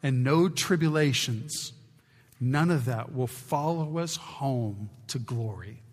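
Slow-preaching pastor man in a echoing church. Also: medium pitch. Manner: exhorting, swings from loud to hushed. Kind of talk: sermon. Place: church sanctuary. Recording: long church reverb.

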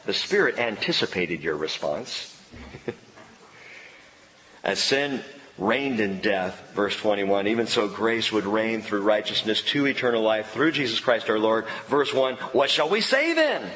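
A man preaching a sermon as a pastor, playful and animated, with sudden emphatic outbursts. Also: on the low side, measured pace. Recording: reverberant hall with faint ambience.

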